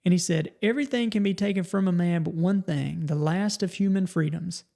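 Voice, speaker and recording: A middle-aged man hosts a motivational podcast. His voice has a gravelly, creaky edge. He speaks in a folksy, conversational way, restarting and repeating words as he goes. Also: high-pitched, brisk, warm tone. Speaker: podcast host. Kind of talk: motivational talk.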